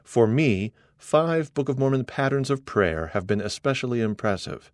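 A middle-aged man reading an article aloud as scripted narration, earnest and measured, quoting scripture. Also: medium pitch, no echo, clean studio sound.

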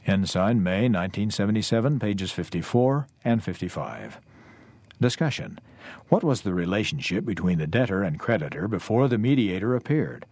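A man reading a parable aloud for a lesson in a measured, even way. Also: fairly low pitch, no echo. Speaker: reader of a lesson text.

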